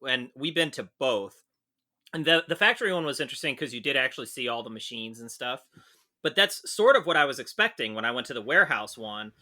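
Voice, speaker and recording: A man telling a funny story on a casual podcast. He is animated, swears freely and often laughs. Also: medium pitch, fairly quick. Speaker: podcast co-host.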